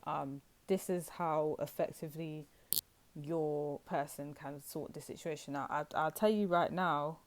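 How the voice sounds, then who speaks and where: A woman's voice: sits low, steady tone, a little slow. A young woman doing a casual tarot reading to camera, chatty and rambling, talking straight to her viewers. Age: young adult. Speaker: tarot reader.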